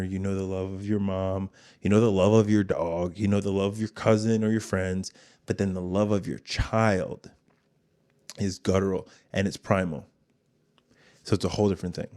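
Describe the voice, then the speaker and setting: A man hosting a casual podcast and talking in a slightly low voice. He rambles candidly and swears freely. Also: fairly even intonation, normal speed, darkish tone. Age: adult father of two. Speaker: podcast host.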